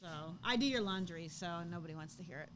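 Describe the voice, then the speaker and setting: A woman's voice: lowish voice, fairly quick, slight background noise. A woman co-hosting a live stream in casual chat, chatty and playful.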